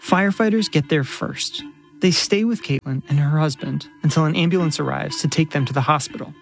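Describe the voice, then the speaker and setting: A woman reporter narrating a radio news story in a measured, clear storytelling voice. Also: sits low, soft background music.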